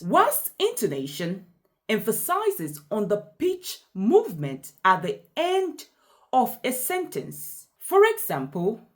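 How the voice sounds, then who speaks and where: A woman coaching English pronunciation, speaking deliberately and acting out example sentences with exaggerated stress. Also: medium pitch, wildly swooping pitch. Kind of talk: scripted pronunciation lesson.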